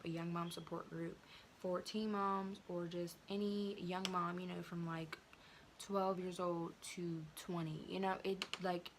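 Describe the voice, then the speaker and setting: Chatty teen girl, noisy recording. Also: on the low side. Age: teens. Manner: chatty, lots of fillers and slang. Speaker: vlogger. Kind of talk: casual storytime.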